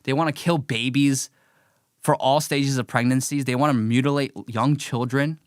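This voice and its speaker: A man's voice: medium pitch, fairly even intonation, normal speed, dry recording, studio quality. A man hosting a live political commentary stream, talking in a heated, emphatic and mocking way.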